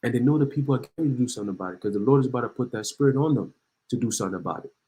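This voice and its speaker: Dude ranting and preaching about the news, kinda warm low-key voice. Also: male voice, lively intonation, racing, poor audio. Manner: heated, preachy, reads news aloud then rants. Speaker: online preacher.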